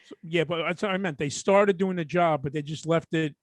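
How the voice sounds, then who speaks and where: A higher-voiced man with a New York accent trades profane jokes and stories as a podcast co-host. His voice sits close and dry on the mic, with no room echo. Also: a little fast. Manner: chiming in with quips, profane, laughing. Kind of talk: casual podcast banter.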